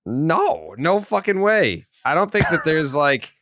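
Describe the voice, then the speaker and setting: A man's voice: fairly high pitch, sing-song, slow pace, a bit bright, no room sound, studio quality. A man from Massachusetts hosting a podcast, teasing his co-hosts in casual banter and laughing easily. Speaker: podcast host.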